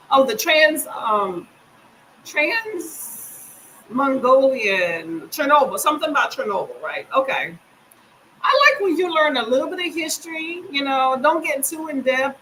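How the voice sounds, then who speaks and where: Speaking high-pitched, bright, and forceful with slight background noise, a woman hosts a casual reading-sprint livestream at home near her kitchen. She reads and answers viewers' comments in a folksy manner, saying y'all. She's stuffy and coughs for a moment.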